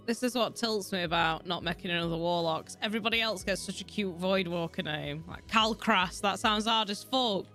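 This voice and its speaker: A woman's voice: medium pitch, moderate pace, hardly any pauses. Chatty Yorkshire woman streaming a game. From Yorkshire, England. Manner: chatty, rambling, swears freely, frequent laughter. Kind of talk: casual livestream chat while gaming. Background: soft background music.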